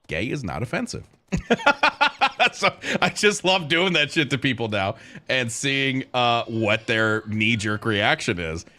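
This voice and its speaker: A man's voice: mid-range voice, lively intonation, unhurried, sharp tone. A young man streaming and chatting casually while gaming, rambling and profane, laughing at his own stories.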